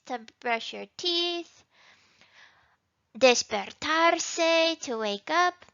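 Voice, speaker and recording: A woman gives an introductory language lesson with a high, bright voice that rises and falls a lot. She talks slowly and sounds words out with care. The recording is dry and a little dull. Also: dry recording. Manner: slow, careful modeling of Spanish words. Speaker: Spanish teacher.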